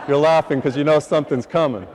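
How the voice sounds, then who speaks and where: A man, a priest, preaching a sermon as a lively, self-deprecating story, acting out his own reactions. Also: on the high side, a little hiss or hum. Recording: long hall reverb.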